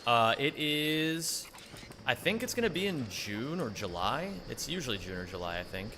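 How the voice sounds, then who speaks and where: A man's voice: mid-range voice, very animated, moderate pace, bright, forceful tone. A man live-streaming a speedrun, chatting casually in a joking, rambling way with playful swearing. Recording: noisy stream audio.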